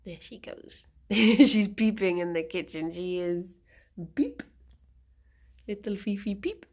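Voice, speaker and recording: A woman streaming casually, chatting to viewers and cooing softly in baby talk to her pet rabbits. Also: lowish voice, slow. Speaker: livestreamer. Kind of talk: casual livestream chat.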